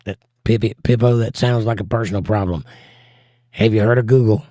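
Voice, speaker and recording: Talking fairly quickly in a fairly low, dark voice, a man hosts a casual livestream, reading viewers' comments aloud and replying with wry humor. The studio sound is clean with no echo.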